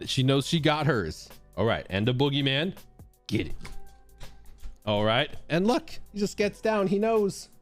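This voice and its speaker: A young man chatting casually as he streams a game, thanking subscribers and reacting out loud. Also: on the high side, unhurried. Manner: animated, chatty, shouts out subscribers. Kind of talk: casual gameplay commentary. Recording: game music playing behind.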